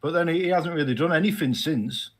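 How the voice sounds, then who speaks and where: A man with a notably high voice talks casually on a football watchalong stream. He tells his story with playful drama and animated energy. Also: brisk. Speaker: guest fantasy football creator.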